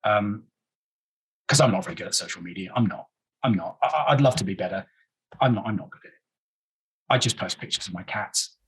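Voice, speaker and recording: A man's voice: fairly low pitch, a little fast, pauses often, fairly bright tone, low-quality recording. A man, an actor guesting on a podcast, talking in an earnest, emotional way that halts and repeats itself. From England. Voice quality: very husky. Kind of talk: casual interview talk.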